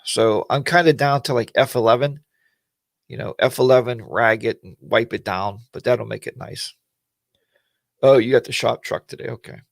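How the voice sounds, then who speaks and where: Gravelly, folksy livestream host. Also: male voice, mid-range voice, fairly even intonation, normal speed, no echo. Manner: rambling, folksy, greets viewers by name. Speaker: host of a weekly livestream chat. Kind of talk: casual livestream chat.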